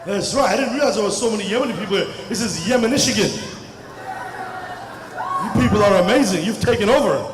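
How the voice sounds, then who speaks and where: High-voiced shouting stand-up comic in echoey hall. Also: male voice, fast talker, pauses often, noisy background. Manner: loud, animated crowd work, frequently shouting. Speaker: stand-up comedian. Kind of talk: stand-up comedy set. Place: large crowded festival hall. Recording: echoey hall, far from the mic.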